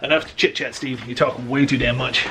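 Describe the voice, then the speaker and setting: A man's voice: mid-range voice, steady tone, brisk. Middle-aged male vlogger, loose rambling home chat, noisy room. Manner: rambling, joking, self-interrupting. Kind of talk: casual vlog chat.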